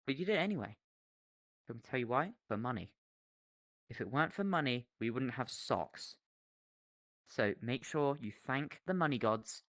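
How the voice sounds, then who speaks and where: A man's voice: mid-range voice, no echo. A young man rambling through an absurd mock lecture in a VR chat, on a headset mic. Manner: rambling, absurd, deadpan silliness.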